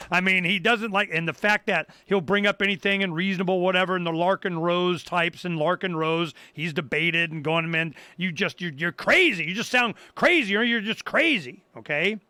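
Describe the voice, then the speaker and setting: An older man hosting a talk radio show, his voice high and bright. He tells a story in a loose, rambling way, restarting his sentences and acting out the people he quotes. The sound is close and dry, with no room around it. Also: clear, resonant tone, no echo. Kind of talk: casual talk-radio monologue.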